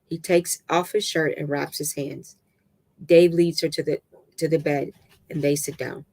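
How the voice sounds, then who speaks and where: A storyteller reading a dramatic novel aloud in a steady middle pitch, sometimes tripping over a word and starting again. The delivery is plain and unpolished. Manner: halting reading with restarts and stumbles. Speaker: narrator.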